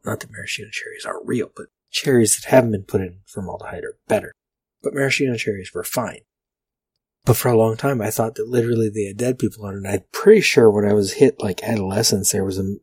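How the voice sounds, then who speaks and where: A man's voice: lowish voice, slightly rough, dry recording. A man hosting a podcast, rambling through vintage liquor ads with wry, profane asides. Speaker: podcast host. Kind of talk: casual commentary reading vintage liquor ads.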